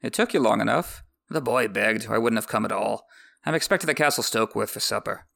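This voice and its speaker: A man playing a blunt gravelly sellsword. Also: on the low side, fairly quick, pushed and bright, heavily acted. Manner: blunt, mocking. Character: blunt, mercenary male sellsword.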